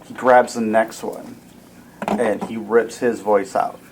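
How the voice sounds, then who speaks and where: A man's voice: on the low side, steady tone, slow pace. Man narrating as a dramatic dungeon master. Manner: vivid, dramatic storytelling. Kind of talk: narrating a tabletop game. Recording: faint background noise.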